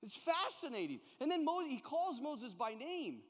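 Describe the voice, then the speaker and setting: A priest leading a parish Bible study, talking in a lively, conversational way and acting out little scenes. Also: male voice, very high voice, moderate pace. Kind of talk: animated Bible study talk. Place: church. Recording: long hall reverb.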